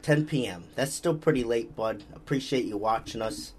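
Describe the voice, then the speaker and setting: A man's voice: mid-range voice, normal speed, slight background noise. A man hosting a casual podcast, rambling easily and reading out viewer comments. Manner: laid-back, rambling, reads out viewer comments. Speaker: podcast host. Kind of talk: casual chat.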